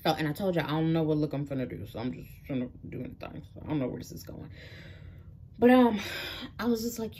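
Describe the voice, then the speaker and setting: Chatty woman in her thirties, fairly low voice. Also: sing-song, quick pace, darkish tone, slight background noise. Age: 30s. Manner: casual and chatty, talks straight to viewers as "y'all". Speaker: vlogger. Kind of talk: personal testimony vlog. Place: Memphis.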